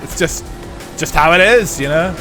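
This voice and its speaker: A man's voice: fairly high pitch, moderate pace, pushed and bright, faint music behind. A young man streaming a racing game live, chatting casually with viewers, rambling and swearing with lots of fillers. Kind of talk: live gameplay commentary and chat.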